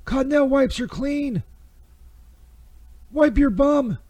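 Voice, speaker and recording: Field: comedy sketch. Figure: a man putting on a high, mellow Saint Peter, bumbling and crude. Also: slow pace. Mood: fumbling. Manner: stumbling, restarting, crude and sarcastic.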